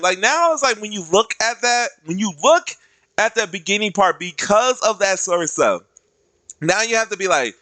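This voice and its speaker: A man streamer ranting casually, slangy and animated, dropping into other voices to act out quotes. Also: high-pitched, moderate pace, no echo. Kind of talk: casual rant.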